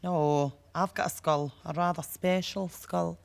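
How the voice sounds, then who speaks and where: An actress playing a theatrical old fortune teller with a Scottish accent, in a comedy sketch. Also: female voice, lowish voice, steady tone, creaky. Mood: mysterious. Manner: slow, portentous, showy.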